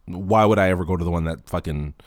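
A man hosting a casual solo podcast, telling profane stories in an animated way and acting out the dialogue. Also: sits low, quick pace, no room sound, clean studio sound. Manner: acts out dialogue in anecdotes. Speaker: podcast host.

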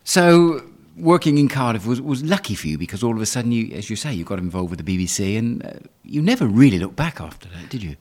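A man's voice: medium pitch, very animated, quick pace, hardly any pauses, darkish tone. A male interviewer asking friendly, prompting questions.

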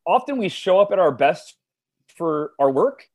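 A man's voice: high voice, very animated, normal speed. A man in his forties, a guest in a conversation, telling personal stories with enthusiasm and often repeating words as he starts a thought. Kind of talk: conversational storytelling.

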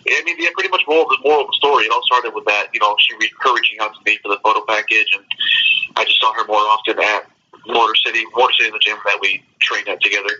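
A man's voice: on the low side, steady tone, very fast, sharp tone, highs cut off, slight background noise. A man guesting on a podcast, laid-back and joking in casual chat.

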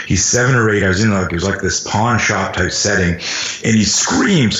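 A man's voice: on the low side, a little fast, a bit bright. A middle-aged man, a self-defense instructor, telling stories in casual, profane talk and acting out sounds and quotes. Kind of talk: casual storytelling in conversation. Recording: roomy, dull lo-fi sound.

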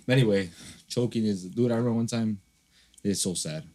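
A man's voice: on the low side, normal speed, darkish tone. A man telling rambling stories in casual podcast chat, full of fillers and swearing. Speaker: podcast co-host.

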